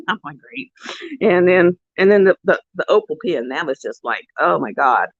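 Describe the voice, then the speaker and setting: A woman in her fifties chatting casually to her viewers, rambling through stories and jumping up high when she quotes people. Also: lively intonation, moderate pace, husky, dry recording, highs cut off. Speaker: vlogger.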